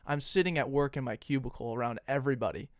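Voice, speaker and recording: Young man telling a story, animated. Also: medium pitch, quick pace, no echo, clean studio sound. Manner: animated storyteller, acts out phone calls. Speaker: podcast co-host. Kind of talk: casual storytelling chat.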